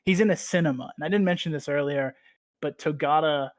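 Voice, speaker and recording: A man with a somewhat high voice hosts a podcast and recaps a story in loose, rambling chat. He swears freely and fills his talk with "like". The sound is dry and close, with no room around it. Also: brisk, dry recording. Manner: rambling, profane, heavy use of "like". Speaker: podcast host.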